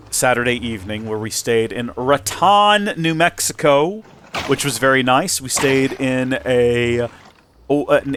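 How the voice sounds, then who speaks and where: A man's voice: medium pitch, a bit bright, slight background noise. An American man hosting his channel, chatting casually in a rambling, self-correcting way with emphatic asides. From United States. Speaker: channel host. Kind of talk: casual vlog chat.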